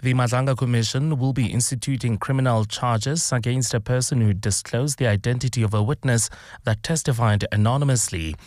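A man anchoring a radio news bulletin, reading scripted copy in a measured, formal way. His voice sits at an ordinary middle pitch and is recorded close and dry in a studio. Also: no room sound. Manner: steady formal delivery.

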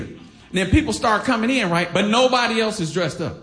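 A man's voice: high voice, fast. A man from Detroit telling a funny personal story on stage, acting out the voices of the people in it. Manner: animated, acts out quoted voices, laughing. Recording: echoey hall.

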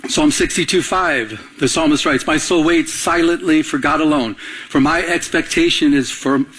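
A male pastor preaching in an animated, conversational way, telling personal stories and having listeners fill in words. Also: on the high side, normal speed, husky. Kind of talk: sermon with personal storytelling.

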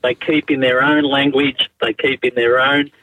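A man's voice: mid-range voice, level tone, normal speed, pushed and bright, no room sound. A man with a broad Australian accent calling a radio show, blunt and matey as he gives his opinions. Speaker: caller. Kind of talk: talkback call. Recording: tinny phone line.

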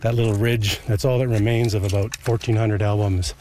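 A man talking outdoors in an interview, reflective and halting. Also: on the low side, fairly even intonation, noisy background. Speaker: interviewee, fire victim. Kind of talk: casual interview talk. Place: outdoors among rubble.

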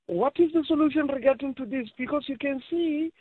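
Man, radio caller from South Africa, hesitant and halting, tinny phone line. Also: extremely high pitch, dry recording. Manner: hesitant, halting, full of fillers. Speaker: caller, truck driver.

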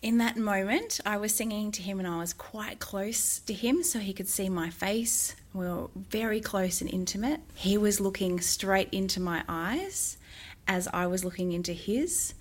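A woman, a music therapist, explaining in an interview with a gentle manner and bursts of sing-song baby talk. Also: fairly low pitch. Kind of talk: interview answers.

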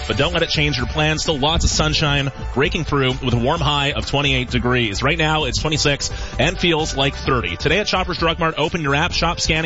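Male traffic reporter, rapid and slightly high-voiced, dull radio sound over music. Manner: quick, steady broadcast delivery. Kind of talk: brisk radio weather and traffic read.

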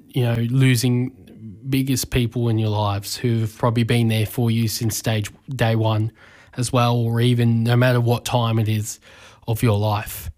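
A man, hosting a community radio talk show, speaking emotionally and haltingly with many fillers and restarts, his voice breaking with grief. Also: medium pitch, level tone, darkish tone. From Australia. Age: 20s. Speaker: radio host.

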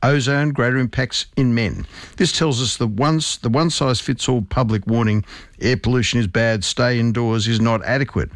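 A man's voice: medium pitch, normal speed, dry recording, studio quality. A man, a medical expert explaining research findings on a health radio segment, earnest and lecturing, with small restarts.

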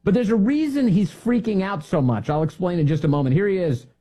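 A man hosting a political radio talk show, sarcastic and animated, laughing often as he mocks. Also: high-pitched, fairly quick, husky. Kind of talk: mocking political commentary.

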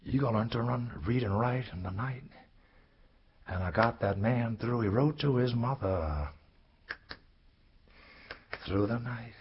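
A man telling a poetic spoken-word story in a sing-song way, swinging from soaring highs to hushed lows, heard on a dull lo-fi recording. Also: slight background noise.

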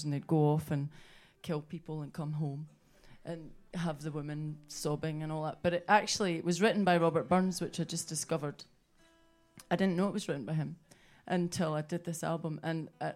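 A woman's voice: on the low side, a little mellow. A Scottish woman, a folk singer on stage, telling jokey stories between songs and coaxing the audience to sing along. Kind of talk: chatty between-song banter.

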